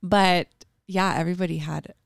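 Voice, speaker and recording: Gravelly-voiced woman chatting casually. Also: lowish voice, steady tone, moderate pace, dry recording, clean studio sound. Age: adult with children. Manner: chatty, lots of fillers and acted-out quotes. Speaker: podcast guest. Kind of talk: casual conversation.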